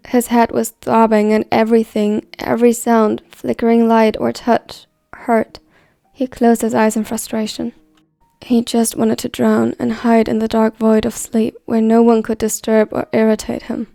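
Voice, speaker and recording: Gravelly woman reading a story, flat delivery. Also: a little high, moderate pace, no room sound, clean studio sound, soft background music. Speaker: fan fiction reader. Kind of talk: scripted story narration.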